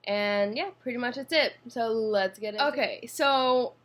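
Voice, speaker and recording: A woman's voice: on the high side, moderate pace, a bit bright. A young Swiss woman with a Swiss accent, chatting casually to camera from her apartment, rambling with fillers and restarts, recorded on a computer mic. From Switzerland. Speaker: vlogger. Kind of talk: casual vlog talking to camera. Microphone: built-in computer mic.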